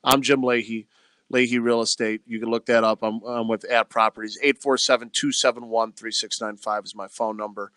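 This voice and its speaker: Man, bright forceful voice, dry close studio sound, emphatic radio talk. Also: mid-range voice, little pitch movement, a little fast, smooth, dry recording. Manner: emphatic, plain-spoken sales talk. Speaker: real estate agent. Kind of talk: radio talk show chat.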